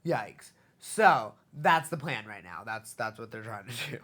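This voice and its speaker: A young woman giving a casual TV episode recap, talking fast and slangy, swearing freely and saying "like" a lot. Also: very deep voice, expressive, a bit bright. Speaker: TV recap vlogger.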